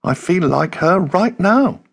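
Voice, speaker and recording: A man's voice: animated, slow, gravelly, slightly rough, exaggerated voice. A man putting on a sad, wistful young woman. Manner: soft, melancholy, pitched up. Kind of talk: audiobook character voice.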